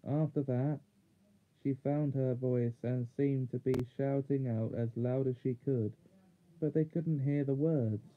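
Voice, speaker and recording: A man reading a children's fantasy chapter aloud in steady storybook narration. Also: mid-range voice, unhurried. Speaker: audiobook reader. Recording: narrow phone-like sound.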